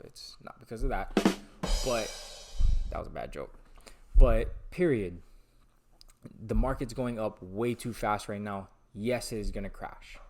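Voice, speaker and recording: A young man talking excitedly to camera about sports card investing, rambling and losing his train of thought. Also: on the high side. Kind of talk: casual talking-head monologue.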